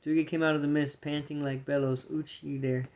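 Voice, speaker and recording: A man reading a storybook aloud to his children, with a steady, plain delivery and small slips. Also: a little high, fast, dull audio.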